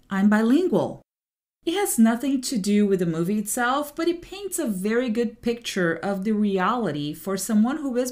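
Woman hosting a scripted podcast. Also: on the high side. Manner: reads a prepared script evenly, with light asides. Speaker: podcast host and translator. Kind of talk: scripted solo podcast monologue.

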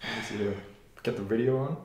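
A man's voice: on the low side, fast talker, creaky, darkish tone. A man co-hosting a podcast, joking in casual chat while he eats at a table. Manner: joking, talks while eating. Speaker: podcast co-host. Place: room, eating at a table. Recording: echoey room, faint table noise.

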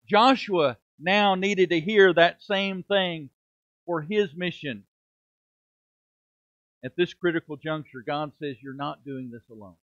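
Middle-aged male preacher, high pitch, emphatic sermon delivery, dull close recording. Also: a bit bright, no echo. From United States. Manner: emphatic preaching with rhetorical questions and dramatic drops in volume. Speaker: preaching minister. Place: church sanctuary.

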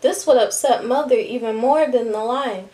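A woman's voice: a little high, normal speed, dark tone, natural voice. A woman reading the lines of a worried young boy who keeps suggesting ways out. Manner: anxious, pleading.

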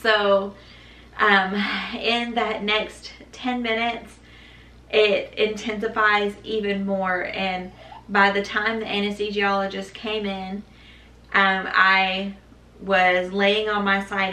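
A young woman telling her own birth story in a casual, animated way, acting out what others said. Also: medium pitch, takes it slowly. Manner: animated, acts out quoted voices, laughs. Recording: echoey room, mic at a distance.

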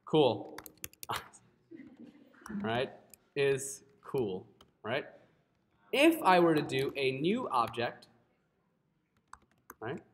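A man's voice: medium pitch, big pitch swings, drawn-out words, long pauses, slight background noise. A man teaching a live coding class, who keeps checking in with his students and often apologizes. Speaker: coding instructor.

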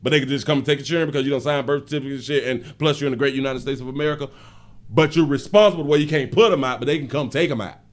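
A man hosting a live stream, reacting to a video in loud, laughing, animated street talk. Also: medium pitch, very fast. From Florida. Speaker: show host.

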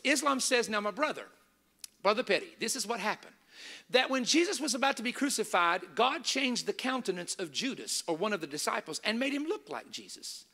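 A man's voice: high voice, pushed and bright. A male preacher giving an emphatic sermon to a live audience, stressing and repeating key points.

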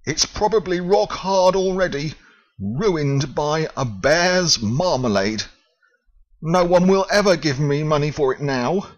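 A man's voice: medium pitch, very animated, measured pace, fairly bright tone, highs cut off. A man reading aloud and voicing a flustered middle-aged male foreman who wails when upset. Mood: wailing. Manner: wailing, flustered.

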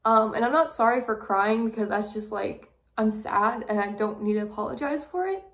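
A young woman talking through a personal month-review vlog, halting and full of fillers, fighting back tears. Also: fairly high pitch, a bit bright. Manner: halting, with many fillers and pauses. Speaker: vlogger.

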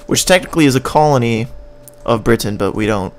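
A man's voice: mid-range voice, animated, fairly quick. Rambling Canadian guy narrating gameplay. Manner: rambling and joking, hums and scats tunes while playing. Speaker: gaming channel host. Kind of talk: casual gameplay commentary.

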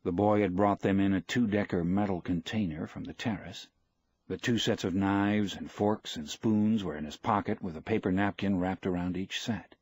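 A man reads a novel aloud in a calm, measured narration. His voice sits very low with a husky edge. The recording is close and dry, with no room sound. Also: no room sound. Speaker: audiobook narrator. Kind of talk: scripted narration.

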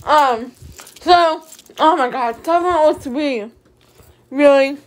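A woman's voice: high-pitched, slow pace, recorded from a distance. A young woman vlogging casually from her bedroom, rambling and repeating "you guys" over and over. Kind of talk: casual chat to camera.

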